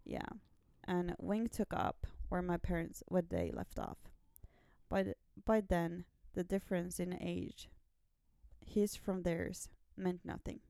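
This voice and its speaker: A woman co-hosting a podcast, chatting casually about comics and often chiming in with quick agreement. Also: lowish voice, expressive, gravelly, mellow, no room sound, studio quality. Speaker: podcast co-host.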